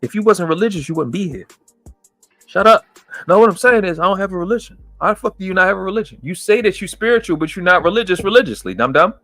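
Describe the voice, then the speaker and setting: A man's voice: high voice, expressive, fast, fairly bright tone, no echo, faint music behind. A man hosting a livestream, ranting angrily and mocking his critics with heavy profanity. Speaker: livestream host. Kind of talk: angry ranting monologue.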